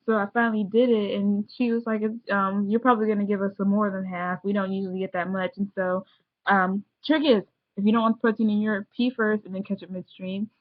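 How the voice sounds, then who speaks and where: A young woman tells a long story straight to camera in a casual, bubbly and rambling way. She talks at a middling pitch and keeps slipping into the voices of the people she quotes. The sound is a little dull and lo-fi. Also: flat delivery, brisk. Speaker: vlogger.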